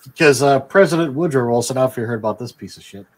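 A man's voice: medium pitch, darkish tone, rough recording. A man co-hosting a casual history podcast, reading from his notes with a dry manner and lots of fillers. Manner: dry, many fillers and quick yeps. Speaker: podcast co-host.

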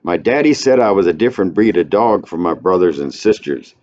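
A man voicing a calm, rueful Southern outlaw with a folksy drawl, read aloud on a dull lo-fi recording. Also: deep voice, brisk. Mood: calm confessional. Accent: American Southern. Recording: dull lo-fi recording, faint hiss.

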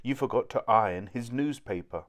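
A man's voice: medium pitch, normal speed, natural voice. A man reading a storybook aloud, voicing a strict housekeeper who scolds the children. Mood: stern. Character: stern older woman housekeeper.

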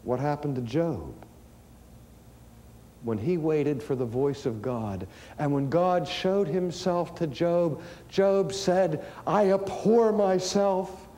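Slow, mellow-voiced preacher in a hall. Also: male voice, a little high. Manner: slow deliberate preaching with rising emphasis. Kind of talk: sermon. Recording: long hall reverb.

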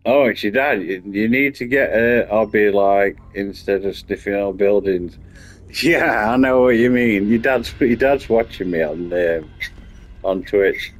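A man's voice: lowish voice, measured pace. A man chatting casually while streaming a game, telling rambling, sweary stories. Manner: rambling storytelling, swears freely. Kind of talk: casual chat while playing.

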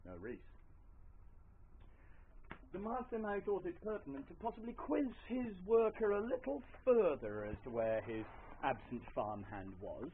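A man's voice: high voice, big pitch swings, measured pace, a little hiss or hum. A man telling a folk tale live, with wry asides to his audience. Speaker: storyteller. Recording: lo-fi live recording, faint ambience.

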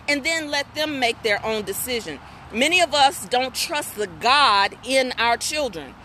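A middle-aged woman talks frankly on a casual live stream, reading comments and spinning folksy stories. Her voice is bright and forceful. Faint traffic hums behind her outdoors. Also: on the high side, a little slow, few pauses. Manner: candid, folksy, animated storytelling with asides to viewers. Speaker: host of a women's talk stream.

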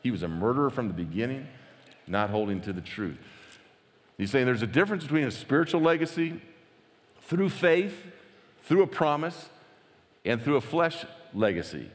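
A man preaching a conversational sermon as pastor, animated and lively, acting out the quotes he tells. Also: medium pitch, moderate pace, pauses often, big-room sound.

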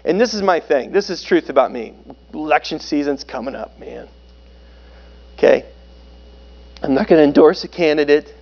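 A man preaching a sermon as pastor, conversational and joking, swinging between loud and soft. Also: a little high, animated, normal speed, gravelly, long pauses, highs cut off.

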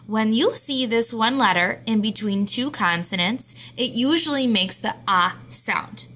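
Woman teacher, slightly high voice, slow and patient phonics delivery, faint background hiss. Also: pushed and bright. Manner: slow, patient, sounding out words. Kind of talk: classroom phonics lesson.

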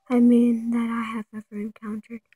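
A woman's voice: fairly high pitch, mellow, breathy edge, no echo. A woman giving casual commentary over a video game, acting frightened, often dropping to whispers and gasping. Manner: acts scared, drops to whispers and gasps. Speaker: gameplay video host.

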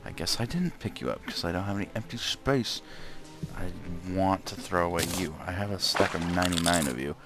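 Over loud game music, this let's play gamer narrates his own playthrough in a low, fairly quick voice. He mutters to himself and now and then erupts in frustration.

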